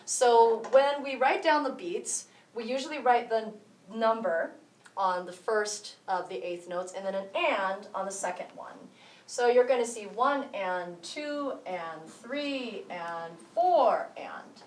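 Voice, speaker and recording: A woman's voice: on the high side, a little slow, a little hiss or hum. A woman teaching a music rhythm lesson, explaining step by step and counting beats aloud. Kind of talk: rhythm tutorial. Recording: roomy echo, voice from some distance.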